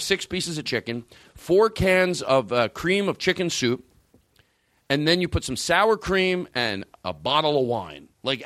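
A man's voice: on the high side, a bit bright, no room sound, clean studio sound. A man hosting a comedy show, rambling and hyper, swearing freely as he jumps between topics. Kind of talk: rambling comic banter.

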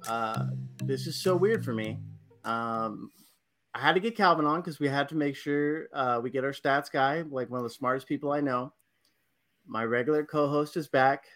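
A man's voice: medium pitch, a bit bright, faint music behind. A man with a Texan accent hosting a podcast, enthusiastic and casual, with plenty of fillers. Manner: enthusiastic, filler-heavy, quick. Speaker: podcast host. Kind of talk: casual chat.

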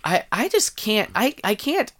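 Podcast co-host, lively pitch, playful riffing, casual chat. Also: unhurried.

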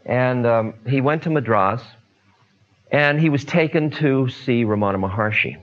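A man telling spiritual stories to listeners in an unhurried talk, pausing often with fillers. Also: medium pitch. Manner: unhurried, many pauses and fillers. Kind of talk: storytelling talk. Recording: dull lo-fi recording.

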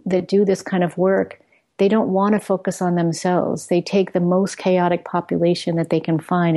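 A middle-aged woman with a mellow, fairly low voice talks as a guest in a reflective conversation. She speaks earnestly and searchingly, often restarting a phrase before finding her point. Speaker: guest, outreach work leader.

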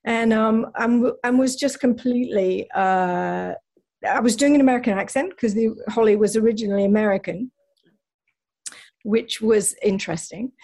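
English woman guest, husky tone, self-deprecating, halting delivery. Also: on the high side, darkish tone. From England. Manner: self-deprecating, many restarts and laughs. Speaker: actress guest. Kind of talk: casual interview chat.

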